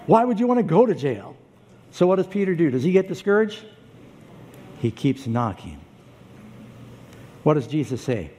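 A man preaching to a congregation, his voice sitting a little high but mellow, and he tells stories with lively, acted-out voices. The sound carries a long reverb from the hall, with faint ambience behind it. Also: normal speed, pauses often. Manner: animated storytelling, acts out voices, pitch jumps up for emphasis. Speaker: pastor. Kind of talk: sermon.

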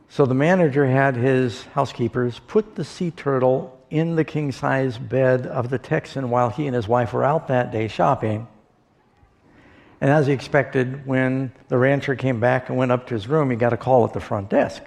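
A pastor giving a sermon, telling stories folksily with pauses and fillers. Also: male voice, mid-range voice, gravelly, darkish tone. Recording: long hall reverb.

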